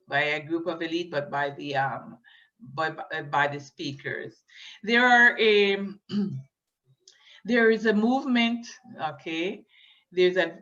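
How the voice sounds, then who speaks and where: Slow, hesitant woman lecturing. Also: lowish voice, fairly bright tone. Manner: hesitant, many fillers, checks in with "okay?". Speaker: linguistics lecturer. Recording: dull lo-fi recording.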